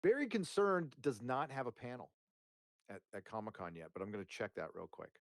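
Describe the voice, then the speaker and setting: A man's voice: mid-range voice, wildly swooping pitch, fairly quick, no room sound. A man hosting a live stream, chatting casually and jokily with viewers and a guest, rambling and swearing a lot. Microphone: headphones and desk mic.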